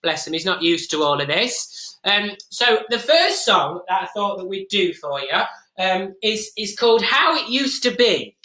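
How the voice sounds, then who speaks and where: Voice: mid-range voice, expressive, measured pace, hardly any pauses, sharp tone. A performer playing Mrs Mabel Green, a chatty, gossipy middle-aged Nottingham woman with an East Midlands accent, rambling through a comic live-stream monologue. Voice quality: rambling, gossipy, with many fillers and asides. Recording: echoey room.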